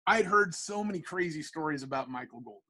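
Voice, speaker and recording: A man, a comic book artist and podcast guest, telling a casual anecdote in an animated, profane, rambling way full of fillers. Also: on the high side, quick pace.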